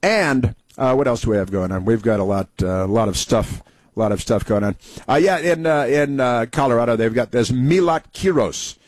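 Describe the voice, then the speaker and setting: An American man hosts a talk show and tells stories in a meandering, offhand way. He stops and restarts often and fills the gaps with "uh". His voice is middle in pitch and sounds dry and close to the mic. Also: animated, moderate pace, no echo. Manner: meandering, many fillers and restarts. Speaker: talk radio host. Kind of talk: rambling conversational monologue.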